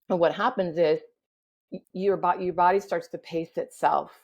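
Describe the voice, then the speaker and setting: A woman guest on a podcast, calmly guiding a breathing exercise and explaining breathwork. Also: lowish voice, husky, low-quality recording. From United States. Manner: calm, slow instructive guidance.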